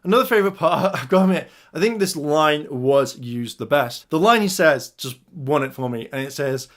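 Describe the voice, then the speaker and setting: Man, video reviewer, excitable, slightly higher voice, quick to gush. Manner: enthusiastic, retells scenes with quoted lines. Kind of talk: excited casual episode review.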